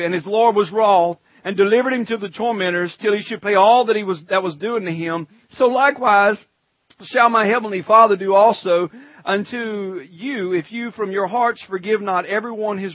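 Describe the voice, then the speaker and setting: A pastor preaching a sermon in a conversational way, calling out to the congregation and reading scripture in old-fashioned wording. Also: male voice, sits high, moderate pace, no room sound, dull audio.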